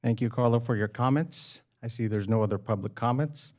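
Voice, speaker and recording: A man's voice: mid-range voice, brisk, darkish tone. A man chairing a county board meeting, polite and procedural as he moves through the agenda.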